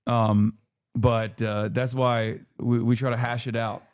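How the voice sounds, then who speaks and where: A man hosting a casual chat, relaxed and agreeable, with frequent fillers. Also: mid-range voice, slow, smooth. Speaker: host.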